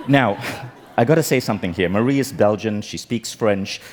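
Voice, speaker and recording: A man from Malaysia giving a humorous motivational talk on stage, telling stories in an animated, joking way. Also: lowish voice, brisk, a little hiss or hum. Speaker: keynote speaker. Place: large event hall. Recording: stage talk with long hall reverb.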